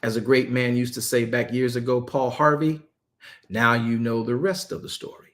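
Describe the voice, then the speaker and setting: A man's voice: medium pitch, moderate pace. A man leading a Bible study as its apostle, joking with his group, often repeating and restarting his phrases. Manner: joking, animated, talks straight to the group. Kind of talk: casual Bible study teaching.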